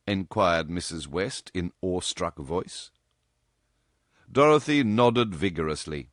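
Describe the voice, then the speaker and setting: A man narrating a novel as an audiobook reader, in a steady, measured manner. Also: deep voice, no echo, clean studio sound. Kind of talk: scripted narration.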